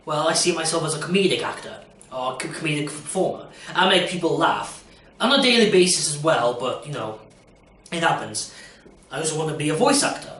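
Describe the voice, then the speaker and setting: A man's voice: on the high side, animated, brisk, a bit bright, far from the mic. A young man rambling jokily about auditions and performing, with lots of fillers, recorded in an echoey room away from the mic. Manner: rambling, jokey, lots of "you know". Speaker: aspiring performer. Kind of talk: casual self-recorded audition talk.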